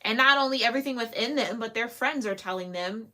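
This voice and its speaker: A woman giving a casual tarot reading to camera, chatty and giggly with lively asides. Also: a little high, quick pace, few pauses. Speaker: tarot reader.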